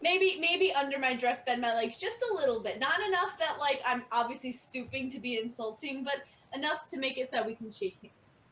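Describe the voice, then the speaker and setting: A playful woman with a fairly high voice, playing a character in a tabletop game. She is heard from a little away from the mic, with a faint hum of background noise. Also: normal speed, few pauses, fairly bright tone, far from the mic. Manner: playful, giggly. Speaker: player.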